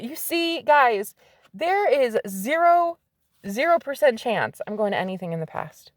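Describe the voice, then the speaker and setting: A woman giving a casual tarot reading to her viewers, excitable and swearing freely, swinging from hushed asides to loud exclamations. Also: on the high side, measured pace, dry recording, studio quality. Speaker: psychic medium and tarot reader.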